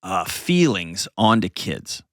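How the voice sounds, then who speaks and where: Folksy man host, low and dry. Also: very animated, slow, no echo. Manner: folksy, explains with acted-out examples, frequent "right?" and "okay?". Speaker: advice show host. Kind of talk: conversational advice to a caller.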